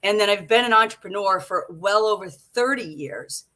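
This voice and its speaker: A woman in her sixties, working as a psychologist and coach, joins a panel talk. Her voice is bright and forceful, and she speaks frankly, telling her story vividly. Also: mid-range voice, lively intonation, moderate pace.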